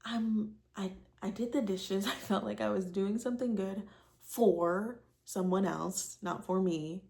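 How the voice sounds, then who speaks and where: A woman's voice: medium pitch, measured pace, gravelly, darkish tone. A woman in her twenties frankly telling a rambling personal story to camera, with many fillers and casual swearing. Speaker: vlogger.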